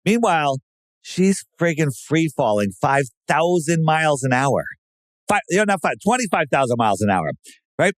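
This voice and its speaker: A man talking casually and sarcastically, who often breaks into loud mocking impressions of other people. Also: fairly high pitch, moderate pace, no echo. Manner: animated, sarcastic, mimics voices loudly. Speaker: podcast guest. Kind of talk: casual conspiracy talk.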